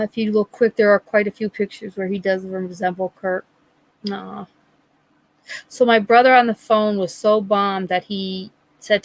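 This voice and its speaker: Middle-aged woman live-stream host, rambling anecdotal chatter with acted-out quotes, mid-pitched, dry close recording. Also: a bit bright, dry recording, rough recording. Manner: rambling storyteller, acts out quotes, frequent laughs. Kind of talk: casual chat with live chat viewers.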